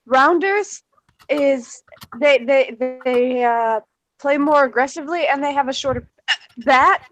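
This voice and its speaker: A woman's voice: high-pitched, a little slow, fairly bright tone. A woman making dry quips in casual banter, drawing words out. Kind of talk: casual banter among friends.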